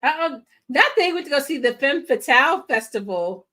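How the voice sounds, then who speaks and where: A woman hosting a casual movie reaction, talking to her viewers with playful slang and loud exclamations. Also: high voice, very animated, moderate pace. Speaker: film reaction host.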